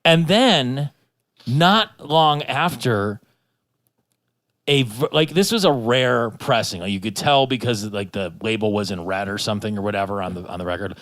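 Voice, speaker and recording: A man's voice: medium pitch, animated, moderate pace, a bit bright, no echo. A man telling long, rambling stories with lots of swearing in a casual podcast chat. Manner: rambling storyteller, profane, restarts a lot.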